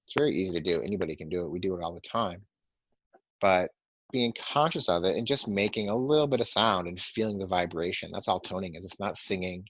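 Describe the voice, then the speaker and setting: A man teaching a breathing and toning meditation, guiding listeners calmly and counting breaths slowly in a soft voice. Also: sits low, no room sound. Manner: calm, soft-spoken guidance, counting slowly. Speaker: meditation and sound healing teacher. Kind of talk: guided breathing and toning instruction. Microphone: webinar microphone. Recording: dry, muffled webinar audio.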